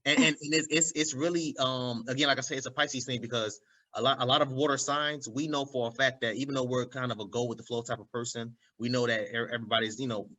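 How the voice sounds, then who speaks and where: A young adult man in a casual podcast chat, talking in an animated, slangy way and often adding "you know what I'm saying.". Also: medium pitch, quick pace, rough recording.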